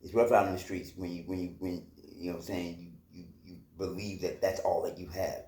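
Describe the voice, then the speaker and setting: A man's voice: low-pitched, level tone, brisk, dark tone. A man casually telling a personal story from his own life, rambling, with lots of fillers and swearing. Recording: roomy echo.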